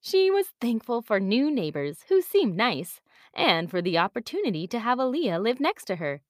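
A woman reading a children's story aloud with an expressive storybook cadence. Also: a little high, normal speed, no room sound, studio quality.

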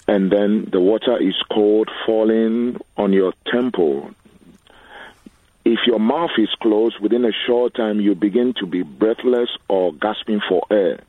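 A man's voice: lowish voice, slow pace, no room sound. A man calling a radio phone-in who explains his question earnestly and repeats himself. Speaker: caller. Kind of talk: phone-in call. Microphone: telephone. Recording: tinny phone line.

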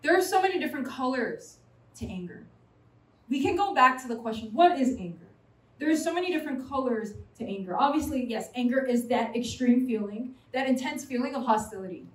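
High-voiced young woman preaching from afar. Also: fairly quick. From New York City. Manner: animated, chatty, jokes with the audience. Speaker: preacher at a college fellowship. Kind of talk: sermon. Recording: roomy sound from a distant mic.

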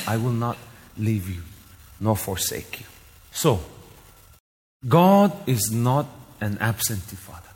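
A husky-voiced male pastor delivers a sermon in a church hall, and the long reverb rings after his words. He is from Northeast India and speaks with steady conviction. He drives key lines home by repeating them with mounting force. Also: lowish voice, takes it slowly, long pauses.

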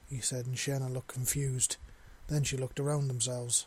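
A man reads a science fiction story aloud in a steady, plain way. His voice is mid-pitched for a man, neither high nor low. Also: moderate pace, slightly rough. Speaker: narrator. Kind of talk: storybook reading.

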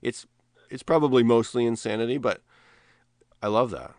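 A man co-hosting a podcast in casual chat, telling stories in a rambling, animated way with many restarts. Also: mid-range voice, moderate pace, no room sound, clean studio sound. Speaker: podcast co-host.

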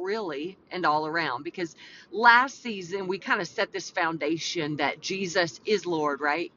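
Bright-voiced playful woman podcast host. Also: fairly low pitch, slight background noise. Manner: playful, talks to herself, exclamatory preaching. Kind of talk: casual faith podcast chat. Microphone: podcast mic. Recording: dull lo-fi audio with faint music.

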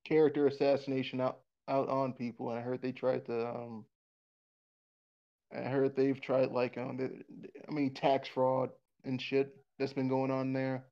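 A man's voice: medium pitch, completely flat delivery, normal speed, dark tone, muffled recording. A man in casual conversation who rambles, restarts often, repeats words and swears bluntly.

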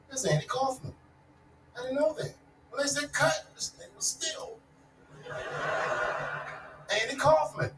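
Man in his forties, stand-up set, profane and loose, slightly high voice, distant mic in a roomy hall with crowd noise. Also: a bit bright. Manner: profane, loose storytelling building to punchlines. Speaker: stand-up comedian. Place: large live comedy venue. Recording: echoey live venue, distant mic, audience noise.

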